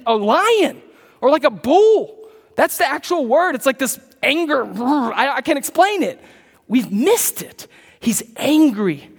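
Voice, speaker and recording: A male pastor preaching an animated sermon, dropping to low murmurs and jumping to loud bursts. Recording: long reverb of a large hall.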